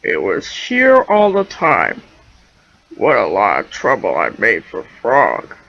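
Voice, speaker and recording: A woman voicing a fussy male toad in a storybook, grumbling and then wailing and shouting over small things. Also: a bass voice, huge pitch swings, takes it slowly, gravelly, lo-fi sound, pitched below the performer's own voice, exaggerated voice. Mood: sheepish.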